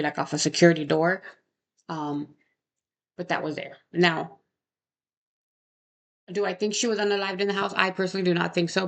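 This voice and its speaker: A woman's voice: fairly low pitch, gravelly. A young woman casually talking through a true crime case, rambling and correcting herself, with frequent rhetorical questions. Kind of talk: casual chat.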